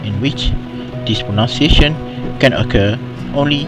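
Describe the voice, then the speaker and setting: A man's voice: medium pitch, unhurried. Man, student presenter, hesitant, self-correcting, mid voice, background music. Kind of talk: reading a class presentation.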